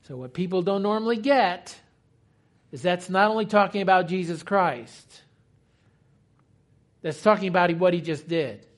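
A man's voice: sits high, moderate pace, pauses often. A man preaching a teaching sermon in a conversational, explanatory way, asking rhetorical questions.

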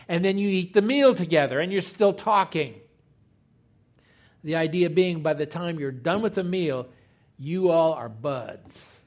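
A man preaching a teaching sermon in a conversational, explanatory way, asking rhetorical questions. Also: on the high side.

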